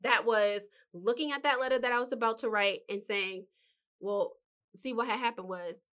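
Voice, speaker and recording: A woman in her thirties with a fairly high voice talks like a host giving life advice. Her delivery is animated and preachy, full of rhetorical questions and affectionate asides. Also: normal speed. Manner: animated, preachy, uses rhetorical questions and calls the listener honey. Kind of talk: casual motivational talk.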